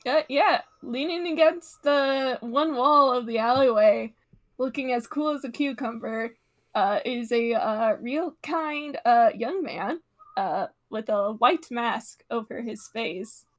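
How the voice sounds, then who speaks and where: A woman's voice: on the high side, slow. A woman narrating a tabletop game as game master, casual and laughing, with many fillers.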